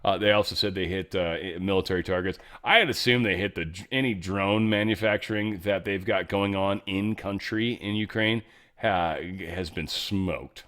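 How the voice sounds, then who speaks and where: A man's voice: low voice, normal speed, fairly bright tone. A middle-aged man hosting a casual political news commentary show, sarcastic and rambling, swearing freely as he reacts to headlines. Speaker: host.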